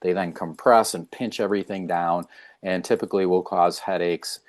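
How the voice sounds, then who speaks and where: Deep-voiced man, animated storyteller. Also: moderate pace. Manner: animated storyteller, acts out quoted dialogue. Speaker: chiropractor guest. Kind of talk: casual interview talk.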